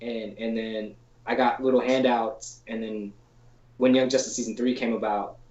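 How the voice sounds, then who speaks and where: A man, a storyboard artist, chats as a podcast guest in a loose, slangy voice, peppering his talk with "like" and casual swearing. He slips into animated voices when he quotes people. The call audio is roomy and a bit dull and lo-fi. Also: mid-range voice, moderate pace. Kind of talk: casual anecdotal storytelling in an interview.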